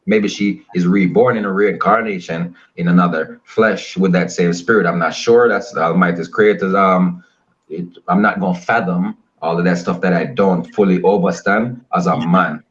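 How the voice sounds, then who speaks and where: A Jamaican man chats as a guest on a radio show, hammering his points home with repetition. His voice sits on the low side. The line sounds dull and lo-fi, like a remote call. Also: fairly even intonation, normal speed. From Spanish Town, Jamaica. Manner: emphatic, repetitive preaching cadence. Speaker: guest musician. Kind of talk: casual radio interview.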